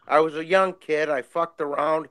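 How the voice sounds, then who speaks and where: Twenties male from the Chicago area; higher, smooth voice; excitable, stammers, swears. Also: normal speed, dry recording. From Chicago area, USA. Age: 20s. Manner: excitable, stammering restarts, profane. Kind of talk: casual podcast chat.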